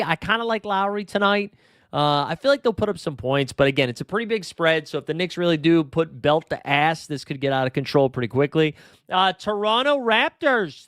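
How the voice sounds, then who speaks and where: Lively rambling male stream host. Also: on the high side, no room sound, studio quality. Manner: rambling, profane, goes off on tangents. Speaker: fantasy sports show host. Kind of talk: casual livestream chat.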